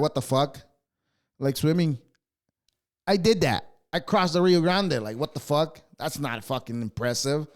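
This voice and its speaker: A man's voice: a little high, darkish tone. A man hosting a podcast, ranting casually in a profane, rambling way. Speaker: podcast host.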